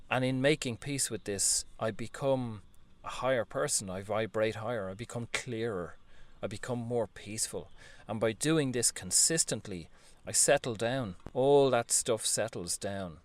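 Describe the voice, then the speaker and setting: Man, lowish voice, earnest, gentle, spiritual self-help talk, soft laughs. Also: no room sound. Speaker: spiritual vlogger. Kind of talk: reflective spiritual monologue.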